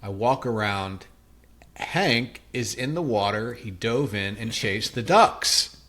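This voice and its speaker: A man's voice: lowish voice, slow, fairly bright tone. A man co-hosting a podcast, sharing chatty anecdotes and asking short questions. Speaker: podcast co-host. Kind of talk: casual podcast conversation.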